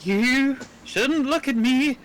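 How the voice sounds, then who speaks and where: Creepy sea hag cursing slowly in a high screechy voice, man putting her on. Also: a bit bright, a little hiss or hum, heavily acted. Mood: menacing. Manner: high, slow, threatening.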